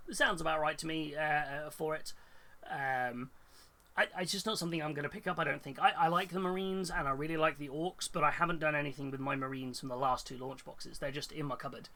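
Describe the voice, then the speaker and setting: A congested man with a cold rambles through a casual live-stream chat, trailing into fillers and restarts as he thinks aloud. His voice sits fairly high for a man and sounds bright and forward. He reads out chat messages and answers them. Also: a little fast. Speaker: hobby streamer.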